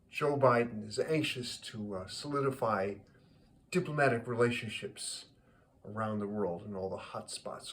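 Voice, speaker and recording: Chatty male joke teller, mid-pitched, rambling delivery, faint background noise. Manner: rambling, chatty, many fillers. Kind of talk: casual joke telling.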